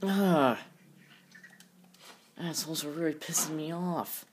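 A woman commenting live on her gameplay, frustrated and swearing constantly, shouting at enemies on screen. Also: low-pitched, takes it slowly, slight background noise. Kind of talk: live let's-play commentary.

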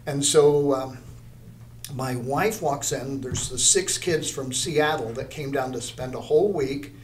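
A man's voice: mid-range voice, measured pace, a little hiss or hum. An older man, an art teacher, telling a story in an interview, rambling, with many restarts.

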